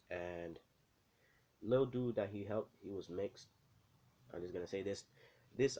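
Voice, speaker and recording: A man's voice: low voice, warm tone, a little hiss or hum. A man casually telling a made-up story, rambling with lots of fillers and restarts.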